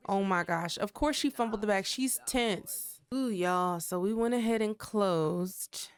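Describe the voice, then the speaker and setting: A woman who hosts a life-simulation game channel gives chatty, exclamatory let's play commentary directly to her viewers. Her mid-range voice is smooth and a little slow.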